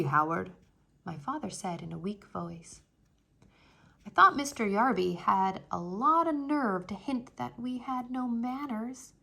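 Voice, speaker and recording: Bright, animated woman reader, expressive children's book read-aloud. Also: mid-range voice. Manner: expressive, storytelling.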